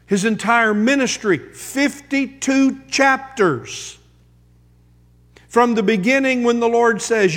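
A man preaching a sermon as pastor, quoting scripture and building to emphatic high points. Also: takes it slowly, fairly bright tone, long reverb tail.

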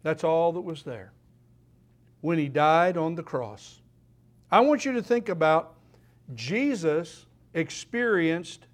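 A man preaching a sermon in church, slow and emphatic, repeating key phrases for weight. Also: fairly high pitch.

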